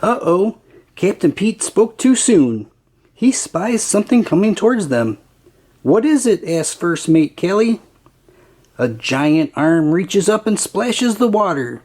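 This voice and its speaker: A reader narrating a children's picture book aloud in a slow, expressive, sing-song way. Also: medium pitch. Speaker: storybook reader.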